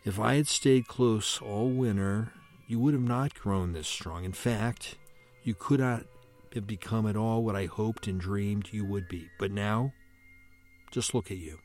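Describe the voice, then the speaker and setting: A man reading aloud the lines of a wise, gentle sun, reassuring a young tree in a storybook. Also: fairly low pitch, unhurried, faint music behind.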